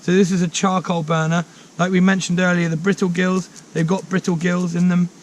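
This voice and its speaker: Brief: forager, man, higher-pitched, upbeat and chatty, recorded outdoors. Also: little pitch movement, brisk. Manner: enthusiastic, chatty, many fillers. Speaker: mushroom forager and course teacher. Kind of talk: casual outdoor explanation. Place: outdoors in woodland.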